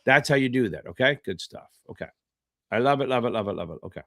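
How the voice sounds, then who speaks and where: A man's voice: medium pitch, expressive, fast, creaky, pushed and bright. A man tutoring for a finance exam in a live online Q&A, chatty and joking, swearing freely and reading out viewer names between explanations.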